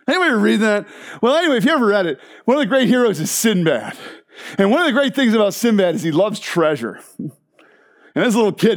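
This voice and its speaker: A man preaching a sermon as pastor, animated and emphatic, with frequent restarts. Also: sits high.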